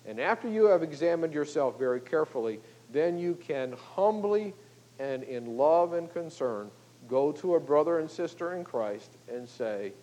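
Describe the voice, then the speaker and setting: A man's voice: a little high, lively intonation, moderate pace, mellow, low-quality recording. An older man, a pastor, preaching a sermon in a conversational, folksy way, often checking in with "okay?" and "you know".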